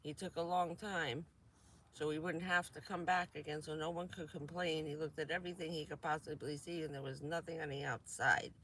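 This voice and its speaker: A woman's voice: sits low, steady tone, brisk, fairly bright tone, a little hiss or hum. A woman from New Jersey chatting casually on a vanlife live stream, rambling and laughing often.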